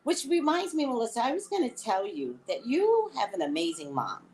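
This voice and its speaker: Animated middle-aged woman telling a story. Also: a little high, fairly quick, slight background noise. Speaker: psychic reader. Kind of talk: live reading chat.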